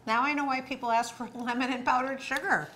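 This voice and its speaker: A woman's voice: sits high, fairly even intonation, fast, fairly bright tone. A woman with an Upper Midwest American accent hosting a casual cooking chat, bantering and tasting food. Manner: chatty, laughing tasting banter. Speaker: host.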